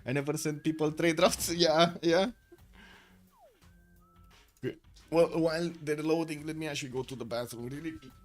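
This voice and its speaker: A man with a slightly high voice casts a live strategy game stream, rambling casually and reading out messages from viewers. Faint music plays behind him. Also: fairly even intonation, moderate pace, long pauses. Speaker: stream caster.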